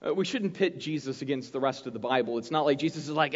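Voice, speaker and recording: A man preaching a sermon as pastor, talking in an animated, conversational way and checking in with his listeners often. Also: medium pitch, fast. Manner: conversational, animated preaching with frequent "right?" tags. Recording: muffled, long hall reverb.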